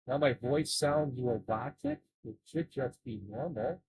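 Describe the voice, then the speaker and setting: A man hosting a casual live stream who talks in a halting way and often repeats his words. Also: mid-range voice, expressive, breathy edge, rough recording.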